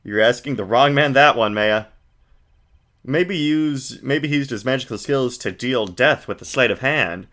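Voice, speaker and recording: Guy reading a bored lawyer guy, flat deadpan, bright voice. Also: mid-range voice, a little slow. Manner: deadpan monotone. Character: young male defense lawyer, dry and unimpressed.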